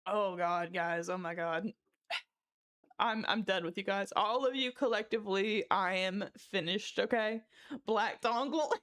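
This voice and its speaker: Young woman livestreamer, casual chat, somewhat high voice, giddy and laughing a lot, swears freely, close desk mic. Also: fairly bright tone. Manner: giddy, laughing fits, cursing.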